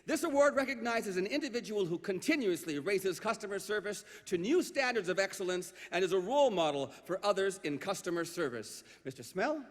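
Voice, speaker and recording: A man's voice: high-pitched, animated, brisk, few pauses. A man hosting a live awards ceremony in a large event hall, playful and teasing as he introduces presenters on a podium microphone. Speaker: awards emcee. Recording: long reverb of a large hall.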